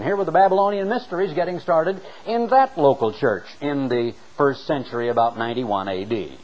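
A middle-aged male preacher with a somewhat high voice. He delivers a sermon with emphatic swings of pitch and loudness. He leans hard on key words as he reads and explains scripture. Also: a little fast, hardly any pauses, dull audio.

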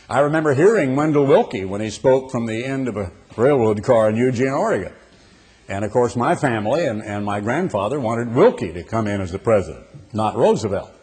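Impassioned husky older preacher, a man. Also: medium pitch, darkish tone. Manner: impassioned, swelling emphasis. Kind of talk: sermon.

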